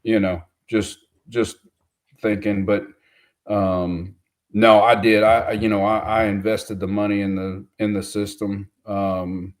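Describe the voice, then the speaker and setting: A man's voice: on the low side, flat delivery, unhurried. A man co-hosting a casual fishing livestream, easygoing with fillers. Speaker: co-host.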